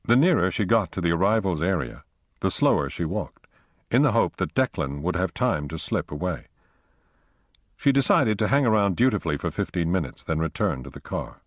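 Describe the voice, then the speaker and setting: A man reading a thriller audiobook aloud in a measured, steady narration. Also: deep voice, dry recording, clean studio sound. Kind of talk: scripted narration.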